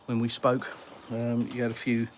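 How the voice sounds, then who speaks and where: A middle-aged man from England chats casually on a live stream, reading out viewer comments and calling people "mate." His medium-pitched voice is monotone at normal speed, with slight background noise.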